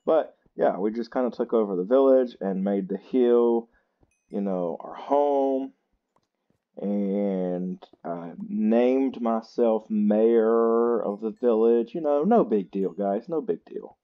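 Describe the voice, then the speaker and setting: A tired man, chatting slowly and poking fun at himself while he plays a game. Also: lowish voice, narrow, tinny audio. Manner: slow, chatty and self-mocking. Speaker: gaming channel host. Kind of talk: casual gameplay commentary.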